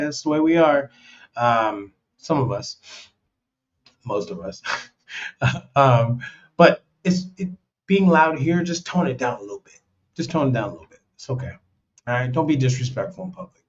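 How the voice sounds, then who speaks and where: An American man hosting a casual advice monologue, talking loosely and bluntly with lots of "man" and "you know". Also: medium pitch. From United States. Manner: acts out quoted voices, slangy and blunt. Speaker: host. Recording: dull lo-fi sound.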